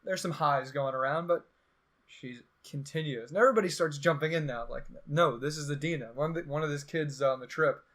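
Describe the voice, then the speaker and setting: Talking fairly quickly in a somewhat high voice, a young man hosts a podcast and rambles through a story in casual chat. He's animated, performing the quotes with a sarcastic edge.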